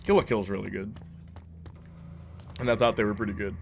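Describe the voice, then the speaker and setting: A man's voice: on the low side, steady tone, fairly quick, creaky, noisy background. A young man chatting casually as a streamer while reacting to a movie, rambling and slangy, laughing often.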